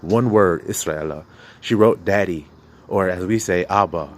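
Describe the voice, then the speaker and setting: A low-voiced man preaches unhurriedly yet with passion to a congregation. His style is blunt and profane, built on a stream of rhetorical questions aimed at the crowd.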